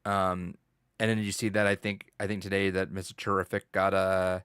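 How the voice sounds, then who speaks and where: Male podcast co-host, low and sharp-toned, dry close sound, jokey and enthusiastic. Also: level tone, a little fast, smooth, no echo. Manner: chatty and enthusiastic, jokes with co-hosts. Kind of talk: casual podcast chat.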